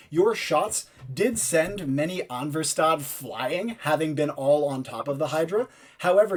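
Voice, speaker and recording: A man narrating a tabletop game as game master, describing scenes in an unhurried way with occasional fillers. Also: fairly high pitch.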